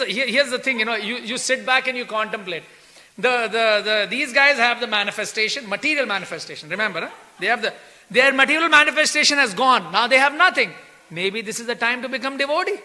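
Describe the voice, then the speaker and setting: A man giving a scripture class in an animated way, laughing and acting out quoted pleas. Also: very high-pitched. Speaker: temple speaker. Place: temple hall. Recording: long hall reverb.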